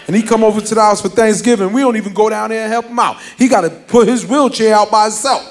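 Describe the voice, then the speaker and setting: A man's voice: high voice, fast talker, a little hiss or hum. A man performing a stand-up comedy routine, telling family stories animatedly and laughing through lines.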